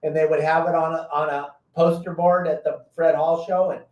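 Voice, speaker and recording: A brash, high-energy man, voice pitched a touch high. He talks loud and blunt, telling fishing show stories with a lot of punch. The mic sits at a distance in an echoey room. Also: level tone, normal speed, lo-fi sound. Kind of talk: casual podcast chat.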